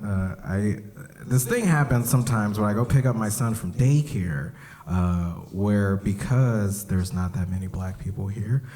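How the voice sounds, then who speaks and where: A man telling stories in a stand-up comedy set at a club, acting out voices and breaking into shouts. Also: fairly low pitch. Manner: animated storytelling, acts out voices, bursts into shouts. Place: comedy club stage, live audience.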